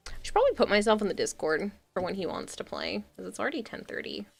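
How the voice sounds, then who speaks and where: A woman's voice: mid-range voice, wildly swooping pitch, fast talker, vocal fry, breathy edge. A woman streamer in casual live-stream chat, rambling and laughing often while she answers chat. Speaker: game streamer.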